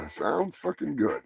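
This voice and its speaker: A man hosting a live stream, rambling crude jokes and shouting greetings to chatters. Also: sits high, creaky, rough recording. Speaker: live show host. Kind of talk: crude casual livestream banter. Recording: music playing behind the voice.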